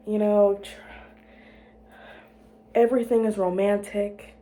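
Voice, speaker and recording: A woman's voice: lowish voice, expressive, moderate pace, creaky, long pauses, darkish tone. A young woman student talking alone in her room in a casual, rambling way, playful and self-mocking, often repeating herself. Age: young adult. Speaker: student vlogger.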